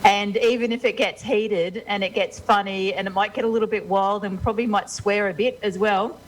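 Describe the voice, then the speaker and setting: A woman's voice: medium pitch, fairly even intonation, moderate pace, rough recording. A woman with an Australian accent co-hosting a casual talk show over a video call, teasing and affectionate, calling people "love". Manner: warm, teasing, says "love" often. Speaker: co-host.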